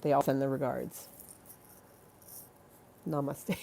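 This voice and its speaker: A woman's voice: rumbling low, little pitch movement, measured pace, vocal fry, long pauses, mellow. A woman hosting a casual livestream, rambling and giggly as she reads out names from the chat. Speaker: livestream host.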